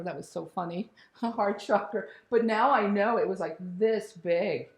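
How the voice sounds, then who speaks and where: A woman telling a personal spiritual story in a candid, animated way, swearing casually and laughing as she goes. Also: lowish voice. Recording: roomy echo.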